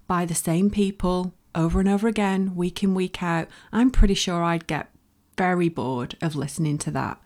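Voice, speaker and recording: A woman's voice: fairly low pitch, darkish tone. Encouraging Northern English woman podcaster. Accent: Northern English (Lancashire). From Bolton, northwest England. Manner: frank, encouraging, emphatic. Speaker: podcast host. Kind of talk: solo podcast advice talk.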